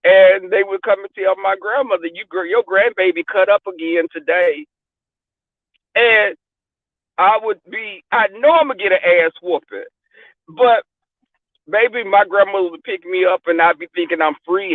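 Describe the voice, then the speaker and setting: A man chatting candidly as a podcast host, blunt and profane, telling lively stories. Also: high voice, normal speed, dry recording. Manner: blunt, profane, animated storyteller. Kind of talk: candid casual chat. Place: car. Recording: dry tinny phone-like sound.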